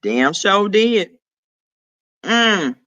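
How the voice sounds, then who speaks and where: A man with a high, swooping, bright voice runs a casual live-stream chat. He is sassy and profane, tossing quick asides to his viewers. He takes his time, and the sound is dry and close. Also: sing-song, dry recording. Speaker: vlogger greeting live chat.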